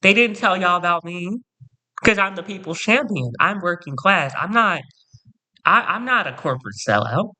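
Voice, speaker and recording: Male vlogger, sassy and dramatic storytime ranter, bright forceful voice. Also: sits high, expressive, moderate pace. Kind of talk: storytime rant to camera.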